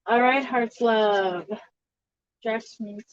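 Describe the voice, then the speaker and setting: A woman's voice: on the high side, very slow, no echo, highs cut off. A woman tarot reader chatting casually on a livestream, laughing often between remarks.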